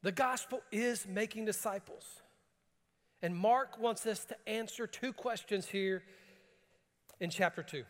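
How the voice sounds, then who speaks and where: High-voiced preacher in a reverberant hall. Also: male voice, measured pace, long pauses. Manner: animated preaching, laughs often, reads scripture in a lower calmer voice. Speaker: pastor. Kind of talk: sermon with scripture reading.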